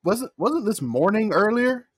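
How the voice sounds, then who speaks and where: A man's voice: sits high, very animated, measured pace, slightly rough, dry recording. A male player at a tabletop game breaks character to ask questions. His voice swings up and down a lot, and the sound is dry and close. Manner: inquisitive. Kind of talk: casual chat.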